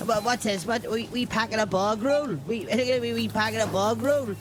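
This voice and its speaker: A man's voice: sits high, normal speed, over music, close to an everyday voice. A man voicing a rude, passive-aggressive male till operator who mocks his customer and swears a lot. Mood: mocking.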